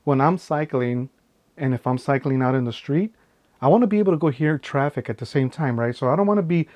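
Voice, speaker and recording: A man's voice: medium pitch, lively intonation, fairly quick, darkish tone. A man chatting casually in a tech unboxing vlog, rambling with lots of "right?" tags and filler phrases. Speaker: tech vlogger.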